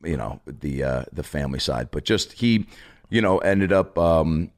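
A man with a notably deep voice chats casually as a podcast guest. He tells stories with comic timing, often leaping up in pitch to act out the people he quotes. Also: moderate pace. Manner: animated storyteller, acts out quoted people with big pitch jumps. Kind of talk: casual storytelling chat.

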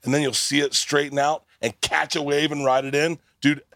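A man hosting a casual comedy podcast recorded live at a festival, telling animated stories and swearing freely. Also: a little high, normal speed, vocal fry, no room sound, clean studio sound. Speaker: podcast host.

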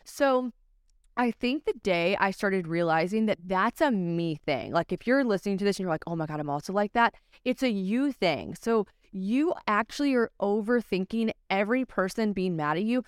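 A woman's voice: mid-range voice, lively intonation, moderate pace, clean tone, dry recording, studio quality. A woman hosting a solo podcast, talking candidly and casually, full of "like" fillers and swearing freely. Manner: frequent "like" fillers. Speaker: podcast host.

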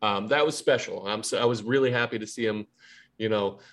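A man's voice: fairly low pitch, fairly quick, fairly bright tone. A man co-hosting a podcast in casual sports chat, easygoing and often restarting his words. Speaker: podcast co-host.

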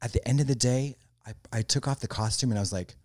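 A young man co-hosting a casual podcast chat, animated and swearing, with shrieks of laughter. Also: medium pitch, fast talker, dry recording, studio quality. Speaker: podcast co-host.

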